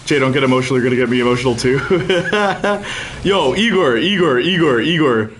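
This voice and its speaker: Streaming a game, a man chats casually with his audience and friends, rambling with lots of fillers and restarts and laughing often. His mid-range voice is animated and fairly bright, at a moderate pace, with a little hiss or hum in the background.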